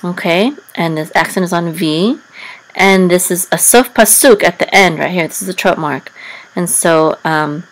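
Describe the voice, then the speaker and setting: A woman with a somewhat low voice leads a step-by-step lesson. She patiently sounds out each syllable and corrects herself as she goes. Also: moderate pace, low-quality recording. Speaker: Hebrew and Torah chanting teacher.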